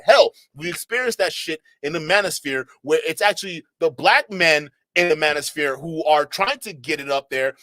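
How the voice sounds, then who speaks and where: A man hosting a reaction commentary channel, animated and mocking as he talks to his chat, laughing often. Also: a little high, no echo.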